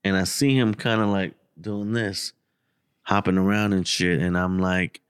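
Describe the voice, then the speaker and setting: A man co-hosting a podcast, telling a story in casual, profane, animated chat. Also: moderate pace, smooth, dry recording, studio quality. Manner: animated, profane, gets loud and high when acting out the story. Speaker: podcast co-host.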